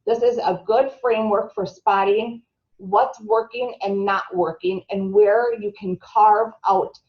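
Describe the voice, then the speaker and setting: A woman's voice: medium pitch, unhurried, highs cut off. A woman giving a marketing training session to a live group, chatty and asking the room questions, sometimes stumbling over her words.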